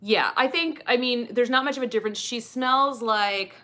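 A woman's voice: fairly high pitch, normal speed, sharp tone. A woman hosting a doll review channel, chatting casually and goofily while she unboxes a doll and answers viewer questions.

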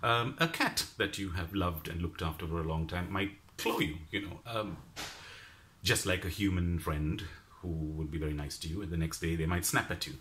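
A man from Sri Lanka telling a story in a casual vlog, exasperated and animated. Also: low-pitched, moderate pace, a little hiss or hum. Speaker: vlogger.

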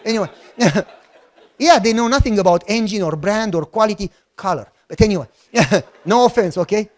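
A middle-aged man with a Romanian accent, a pastor telling a story in a sermon, animated and joking as he acts out the dialogue. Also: sits high, moderate pace.

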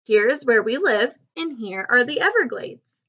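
A woman's voice: on the high side, expressive, moderate pace, a bit bright, breathy edge, muffled recording. A woman voicing a helpful young schoolboy in a storybook reading, explaining plainly. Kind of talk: storybook character voice.

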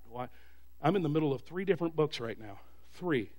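A male pastor preaching a sermon, calling on the congregation for amens and rising to shouts. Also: fairly high pitch, lively intonation, fairly quick. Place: church.

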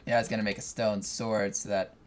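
A man's voice: lowish voice, little pitch movement, fast talker, slight background noise. Joking man hosting a co-op game. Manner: joking, laughs often. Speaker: let's play host. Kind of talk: casual gameplay chat.

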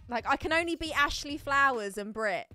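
A woman's voice: high-pitched, lively intonation, moderate pace, bright, forceful tone, faint music behind. A woman chatting casually on a live stream, giggling as she opens card packs and answers viewers.

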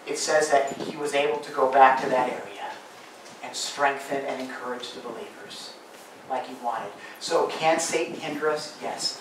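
A man preaching a sermon as pastor, pleading earnestly with his congregation, then dropping to quiet asides. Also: medium pitch. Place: church sanctuary. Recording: very echoey room, voice from far off, audible noise.

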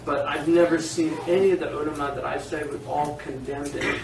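A man teaching Islamic law in an informal classroom lecture, animated and digressive, often laughing. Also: fairly high pitch, a little fast, vocal fry. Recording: echoey room, distant mic, faint hiss.

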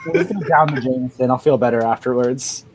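A man's voice: mid-range voice, quick pace, background noise. A man co-hosting a stream, complaining in disgust as his friends joke. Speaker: stream co-host. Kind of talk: casual streaming chat.

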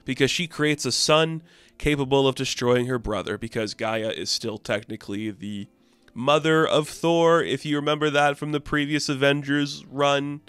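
A man's voice: medium pitch, moderate pace, fairly bright tone, clean tone, no room sound, faint music behind. A man casually recapping a comic book, chatty and enthusiastic. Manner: chatty, enthusiastic, acts out quotes.

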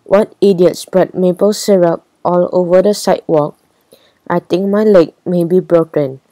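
A woman reading aloud as an angry old woman, the school's benefactor, who shouts indignantly. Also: lowish voice, fairly even intonation, measured pace, no room sound, close to an everyday voice.

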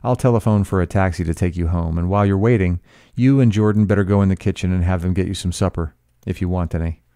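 Male reader as a domineering rich man, gruff and decisive, deep, clear, dry tone. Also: fast, mellow, dry recording. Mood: firm. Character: gruff, commanding wealthy man, middle-aged.

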